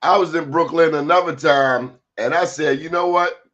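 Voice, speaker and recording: A man hosting a casual talk show, telling a story with animated quoted voices. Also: fairly high pitch, normal speed. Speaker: host. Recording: dull lo-fi sound.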